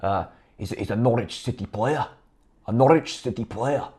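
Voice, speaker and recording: A man's voice: medium pitch, normal speed, a little mellow, natural voice. A man putting on a Scottish accent to play a curt, dismissive football manager who repeats himself. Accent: put-on Scottish.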